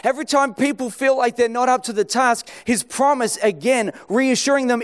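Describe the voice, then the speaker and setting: A man's voice: moderate pace, few pauses, clean tone. A man preaching a sermon, telling a personal story and acting out both sides of a conversation. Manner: acts out dialogue in anecdotes, pitch swings.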